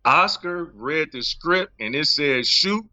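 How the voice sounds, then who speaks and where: A man, an actor being interviewed, telling stories from a shoot in a casual, animated way, acting out quotes and laughing often. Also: medium pitch, moderate pace, no echo, highs cut off.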